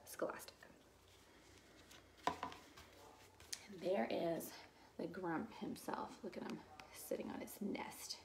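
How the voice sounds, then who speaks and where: A woman teacher reading a picture book aloud for children's story time, slow and expressive with gentle asides. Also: medium pitch, slight background noise.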